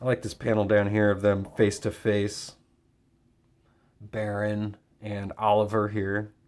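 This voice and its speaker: A man with a somewhat low voice walks through a comic issue panel by panel. His delivery is relaxed and conversational, dotted with hesitations and filler words. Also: unhurried, slight background noise. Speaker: comic book reviewer. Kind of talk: casual review talk.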